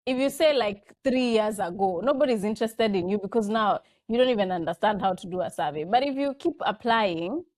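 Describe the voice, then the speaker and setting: A woman's voice: mid-range voice, animated, brisk, few pauses, darkish tone. A woman, a guest in a casual chat, telling anecdotes and acting out what people said. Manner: chatty anecdotal storytelling, acting out quoted lines.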